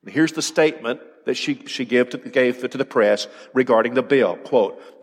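A man's voice: mid-range voice, normal speed, few pauses, long reverb tail. A man preaching a sermon, emphatic, firing off rhetorical questions and repeating his words as he drives a point home.

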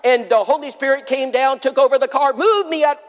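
A man putting on an excitable churchwoman. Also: extremely high pitch, fairly quick, long reverb tail, voice pushed up. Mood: excited. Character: excitable churchgoing woman recounting her salvation.

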